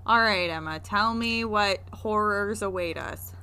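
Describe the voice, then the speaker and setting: Wry, mock-grumpy bright-voiced woman. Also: medium pitch, measured pace, clear, resonant tone. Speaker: podcast co-host. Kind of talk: casual chat. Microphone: podcast mic over video call.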